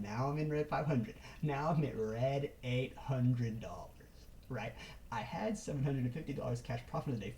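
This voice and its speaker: A young man telling a casual vlog story about his own trading, talking in quick, animated bursts with slang and swearing. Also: mid-range voice, slight background noise, low-quality recording. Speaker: trader.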